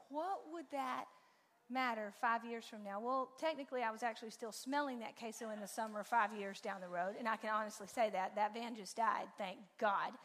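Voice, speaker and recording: A woman giving a lively, informal talk to a church parenting group, acting out her own stories as she goes. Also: a little high. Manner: animated storytelling, acts out her own lines. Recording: long reverb in a large room.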